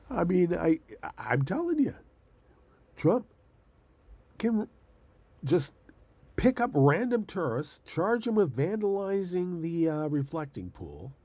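An older man delivers a rambling, sarcastic rant with a husky, slightly rough voice. He sits fairly high for a man and swings his pitch up and down. The sound is close and dry. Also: darkish tone, no room sound. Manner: sarcastic, rambling, often laughing; profane and angry. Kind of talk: casual ranting monologue.

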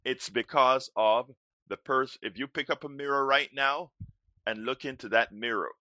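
A man's voice: medium pitch, normal speed, bright, forceful tone, dry recording. A man hosting a call-in political talk show, speaking emphatically and at length. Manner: emphatic, preachy, wordy. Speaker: host.

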